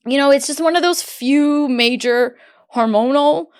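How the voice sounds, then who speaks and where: A woman in her forties hosting a podcast, talking in a reflective, heartfelt way and often pausing to search for words. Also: high voice. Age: 40s. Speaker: podcast host. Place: podcast studio, seated across from guest.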